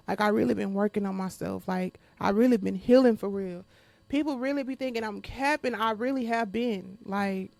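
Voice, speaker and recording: A woman with a medium-pitched voice and vocal fry hosts her podcast as a casual monologue, recorded without echo. She speaks bluntly and directly to her listeners, swearing a lot and often laughing as she vents.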